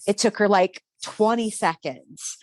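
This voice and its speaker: A middle-aged woman co-hosting a casual podcast, an animated storyteller who laughs often and swears freely. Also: mid-range voice, unhurried, no room sound, rough recording. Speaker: podcast co-host.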